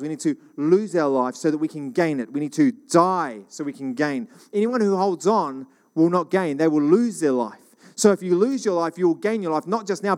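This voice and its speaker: A man preaching a sermon in a conversational, animated way, with many restarts. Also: a little high.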